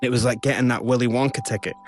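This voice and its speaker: Animated Scottish man telling his story. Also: medium pitch, rapid-fire, soft background music. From Scotland. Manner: animated, acts out quotes. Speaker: guest. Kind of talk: storytelling interview.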